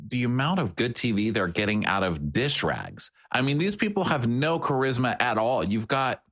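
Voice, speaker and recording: A man's voice: big pitch swings, normal speed, fairly bright tone. A man co-hosting a podcast, chatting casually about reality TV in a wry, mocking way. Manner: wry, mocking, mimics people in high voices. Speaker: podcast co-host.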